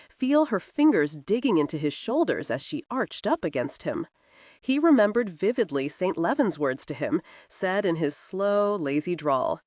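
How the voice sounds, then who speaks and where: A woman narrating a historical romance audiobook in an expressive, dramatic reading. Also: mid-range voice, no echo, clean studio sound.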